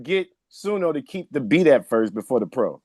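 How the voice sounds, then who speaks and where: A man co-hosting a podcast in casual chat, animated and repeating words as he searches. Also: medium pitch, normal speed, dry recording, studio quality. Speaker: podcast co-host.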